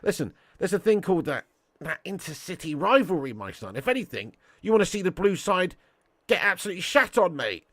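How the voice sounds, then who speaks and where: A man hosting a live football watch-along, giving commentary and reading out chat in an excitable, slangy way with indignant outbursts. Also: high-pitched, fairly quick, dry recording, studio quality. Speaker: match watch-along host.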